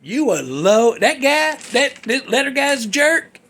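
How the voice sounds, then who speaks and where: A man hosts his own show with a casual storytelling monologue. His voice sits high and has a husky, gravelly grain. He talks in a folksy, salty way and gets worked up as he goes. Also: very animated, a little slow, bright, forceful tone. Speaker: host.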